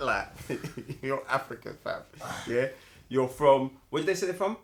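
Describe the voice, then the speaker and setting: A man's voice: medium pitch, lively intonation, a little slow. A young man, co-hosting a casual movie review with emphatic, slangy talk. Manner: slangy, emphatic, laughs often. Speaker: podcast co-host.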